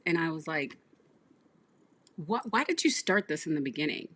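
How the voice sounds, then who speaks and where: Low husky-voiced woman coach. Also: expressive, moderate pace, fairly bright tone. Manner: storytelling, acts out client dialogue, laughs often. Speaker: business coach, livestream host. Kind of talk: casual livestream chat.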